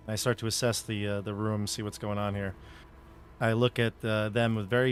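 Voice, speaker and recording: A man taking part as a player in a tabletop game, speaking calmly and describing his character's actions. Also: on the low side, normal speed, soft background music. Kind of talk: casual tabletop play.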